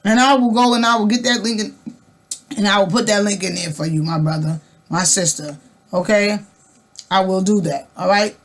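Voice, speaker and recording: A woman's voice: medium pitch, normal speed. A woman vlogger talking to the camera in casual, fervent style, firing off emphatic rhetorical questions and often restarting her phrases. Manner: loose and conversational, with frequent restarts.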